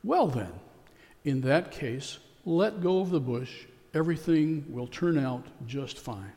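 A steady, unhurried male voice calls down from above, voiced by a man in a sermon joke. It stays even and soft-spoken. A long hall reverb trails after every phrase. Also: a little high. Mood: calm. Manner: calm and even.

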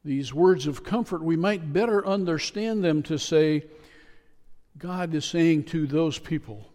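A man's voice: a little high, a little mellow. Man preaching in a reverberant church. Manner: measured, repetitive preaching with emphatic pauses. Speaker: pastor. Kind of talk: sermon. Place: church sanctuary. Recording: long reverb of a church hall.

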